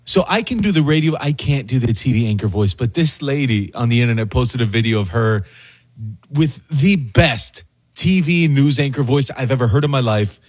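A man co-hosting a radio show, playful and teasing, with a husky voice. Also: mid-range voice, lively intonation, moderate pace, no room sound. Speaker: radio co-host. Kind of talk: casual radio banter. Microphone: close studio microphone.

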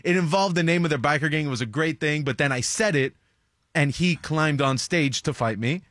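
A man's voice: on the high side, a bit bright, dry recording, clean studio sound. A man who is a stand-up comedian guest, telling self-mocking stories in casual chat. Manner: self-mocking, quick-talking, acts out quotes.

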